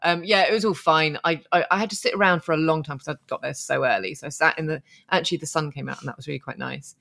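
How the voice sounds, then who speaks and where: A woman's voice: deep voice, fast talker, gravelly, a bit bright. A woman co-hosting a podcast, chatting casually with restarts and laughs as she recounts her marathon morning. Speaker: podcast co-host, marathon runner. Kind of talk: casual chat.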